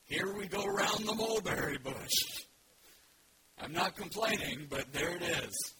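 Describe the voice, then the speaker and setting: A man voicing Eeyore, a gloomy old gray male donkey, in a slow, mournful, resigned way. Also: high-pitched, expressive, pitched above the performer's own voice. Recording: loud background noise.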